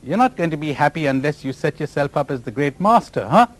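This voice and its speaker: Lively, teasing man giving a spiritual talk. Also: on the high side, a little fast. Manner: animated, teasing, full of rhetorical questions; mimics other people in raised voices. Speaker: spiritual teacher. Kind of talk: spiritual talk to a live audience.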